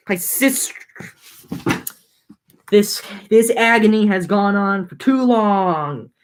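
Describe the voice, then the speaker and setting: A young woman reading an epic poem aloud, breaking off into joking slangy recaps. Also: medium pitch. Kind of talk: casual reading with comic summaries.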